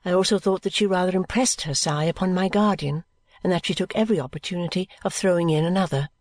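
A woman narrating an audiobook of a classic novel at a measured, even storytelling pace. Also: fairly low pitch, no room sound. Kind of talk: scripted narration.

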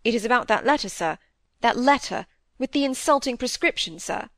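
A woman's voice: on the high side, animated, a little fast, a bit bright, no echo, voice pushed up. Stiffly offended young male apprentice in a storybook, stammering, dry close sound, read by a woman. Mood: indignant.

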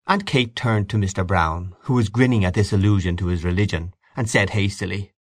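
A man reading a literary story aloud in a measured, expressive way. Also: on the low side, dry recording, studio quality. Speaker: audiobook narrator. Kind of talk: scripted literary narration.

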